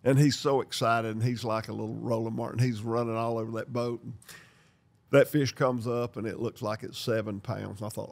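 An older man from North Carolina, hosting a podcast and telling lively stories, acting out the dialogue as he goes. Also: mid-range voice, normal speed, vocal fry. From North Carolina, USA. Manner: lively storyteller who acts out dialogue and laughs. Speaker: podcast host. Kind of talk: storytelling podcast chat.

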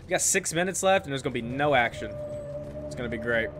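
A man's voice: mid-range voice, animated, brisk, slight background noise. A man giving casual, joking commentary over his own game footage. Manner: chatty, joking, loud outbursts. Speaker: gaming YouTuber.

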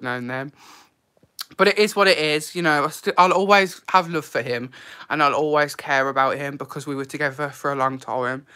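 A man's voice: mid-range voice, sharp tone. A man chatting on a live stream in a casual, emotional way, leaning on "like" and "literally.".

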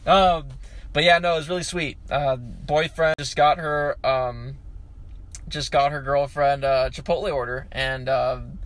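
A young man, a food delivery driver, telling a story in a casual vlog, animated and acting out the people in it, swearing casually. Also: mid-range voice, measured pace. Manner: animated, acts out quoted voices, swears casually.

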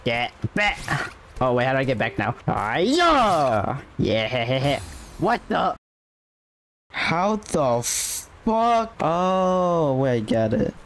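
A streamer giving excitable gaming commentary, yelping, shouting and hyping themselves up. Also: medium pitch, extremely slow, a little hiss or hum. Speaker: streamer playing a platform game.

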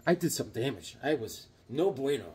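Here a middle-aged man with a mid-range voice and moderate pace hosts a laid-back vlog about his comic book collection. He rambles, jokes, tells stories and acts out voices in an animated way.

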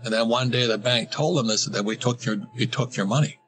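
A man's voice: medium pitch, quick pace, fairly bright tone, soft background music. An older man talking in a casual interview, rambling with restarts while telling anecdotes. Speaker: guest, financial author.

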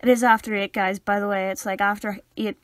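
A woman's voice: medium pitch, level tone, a little fast, dry recording, studio quality. A young woman co-hosting a podcast in casual chat, giggly and easily sidetracked. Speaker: podcast co-host.

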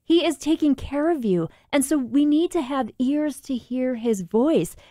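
Woman radio co-host, easygoing and chatty, bright-pitched, close dry mic. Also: lively intonation, a little slow, no room sound. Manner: chatty, laughs often, restarts sentences. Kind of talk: casual faith talk.

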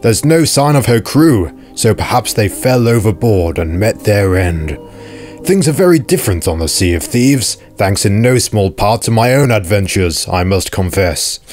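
A man voicing a wise, solemn old male ghost pirate lord in measured, old-fashioned speech. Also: lowish voice, animated, a little mellow, faint music behind, close to an everyday voice. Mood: reflective.

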